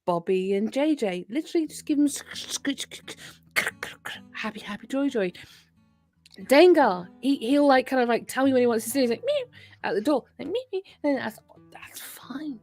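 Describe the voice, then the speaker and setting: A woman's voice: on the high side, moderate pace, darkish tone, faint music behind. A woman chatting casually while reacting to memes, giggly and prone to rambling pet stories. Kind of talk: casual chat.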